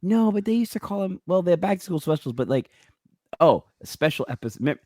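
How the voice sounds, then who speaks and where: A man's voice: high voice, very animated, brisk, dark tone, dry recording, studio quality. A man co-hosting a podcast, chatting casually, often laughing and searching for words. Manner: giggly, rambling, searching for words. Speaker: podcast co-host. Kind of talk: casual chat recapping a TV episode.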